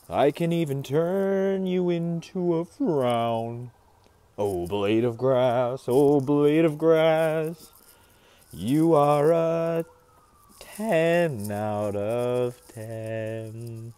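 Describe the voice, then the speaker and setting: A speaker giving a slow, solemn reading of a mock-dramatic poem. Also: mid-range voice, warm tone, smooth, dry recording.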